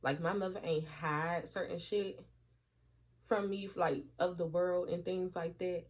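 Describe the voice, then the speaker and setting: A woman with a fairly low voice speaks a little slowly in a casual vlog chat, doing her hair at home as she tells a story. She curses freely and animatedly acts out what her friends said, with dull lo-fi audio.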